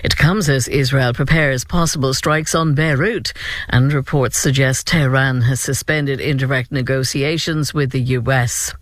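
A man reading a scripted radio news bulletin in a brisk, clear delivery. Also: medium pitch, steady tone, fairly bright tone, no room sound, clean studio sound. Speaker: newsreader.

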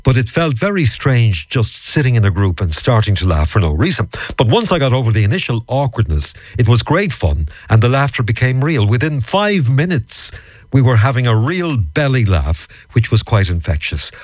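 A man's voice: mid-range voice, normal speed, no room sound. A man presenting a morning radio show, interviewing a guest in a chatty manner. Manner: chatty, lively intonation.

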